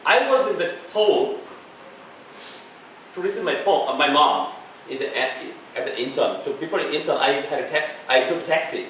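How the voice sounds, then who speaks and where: A middle-aged man with a Bangladeshi accent gives a public talk in an echoey lecture hall, heard from some distance off the mic. His voice sits a little high for a man, and his delivery is earnest and halting, full of restarts and chuckles. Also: lively intonation, a bit bright, a little hiss or hum. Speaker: guest speaker.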